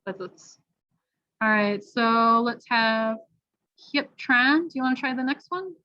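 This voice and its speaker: A woman teaching a pronunciation workshop, modeling each sound slowly and deliberately. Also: a little high, pushed and bright. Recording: dull lo-fi audio.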